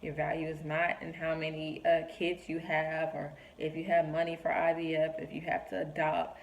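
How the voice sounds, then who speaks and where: A woman's voice: low-pitched, monotone, normal speed, highs cut off, a little hiss or hum. A young woman talking earnestly to camera about her faith, encouraging listeners and acting out quoted voices. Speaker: vlogger sharing faith reflections. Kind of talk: heartfelt personal talk to camera.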